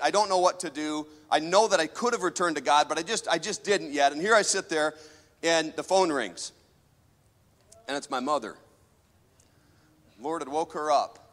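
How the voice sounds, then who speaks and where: Man, preacher, conversational sermon, fairly high voice, echo of a church hall. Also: fairly bright tone. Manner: conversational, asks the crowd "amen?". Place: church sanctuary.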